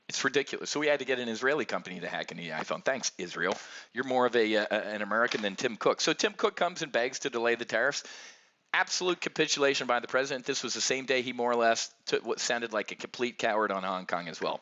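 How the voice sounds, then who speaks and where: A man's voice: medium pitch, sing-song, fast talker, pushed and bright, muffled recording. A man giving blunt, sarcastic market commentary on options trading, ranting and addressing viewers directly.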